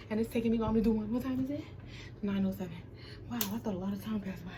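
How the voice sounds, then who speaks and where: Racing along at a medium pitch with background noise, a young woman vlogs casually from a small room at home under a ring light. She's playful with her viewers, giggling her way through her nerves.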